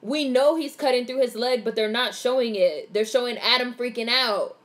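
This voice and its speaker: With a fairly high voice at normal speed, a young woman vlogs her live reaction to a movie. She's casual and excitable, describing what's happening on screen and swearing without restraint.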